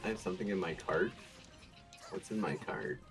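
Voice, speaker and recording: A man's voice: low-pitched, moderate pace, faint music behind, poor audio. A man streaming a game and chatting casually, with blunt, profane banter. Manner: blunt, profane, laid-back. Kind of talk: casual chat.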